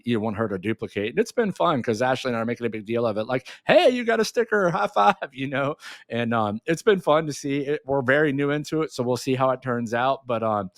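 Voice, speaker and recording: A man hosting an interview over a call, talking in a friendly, relaxed way. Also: medium pitch, no echo, clean studio sound. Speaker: host. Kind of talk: casual interview talk. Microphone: remote call.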